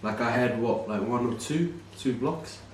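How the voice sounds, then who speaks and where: A man co-hosting a casual mukbang vlog, talking in a relaxed, hesitant way with many ums. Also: mid-range voice, measured pace, roomy sound, distant mic, background noise. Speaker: vlog co-host.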